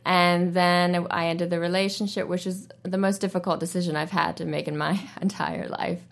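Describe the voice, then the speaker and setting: Animated woman in her thirties. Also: lowish voice, moderate pace, vocal fry. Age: 30s. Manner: animated, lively storyteller. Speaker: interview guest. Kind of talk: radio interview conversation.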